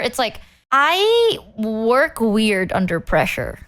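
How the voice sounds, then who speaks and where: Woman streamer, bright lively delivery, rambling and cursing; casual live chat. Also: a little high, unhurried. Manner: rambling, swears freely, often laughs. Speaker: VTuber streamer.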